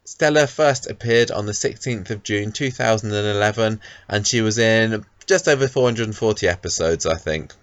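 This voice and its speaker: A man's voice: on the low side, normal speed, few pauses, no echo. A man co-hosting a casual podcast, talking about a soap character with lots of ums and restarts. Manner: hesitant, many ums and restarts. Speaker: podcast co-host.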